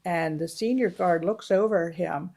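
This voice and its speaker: A woman co-hosting a casual film review chat, retelling movie scenes with animated storytelling. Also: lowish voice, moderate pace. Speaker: podcast co-host.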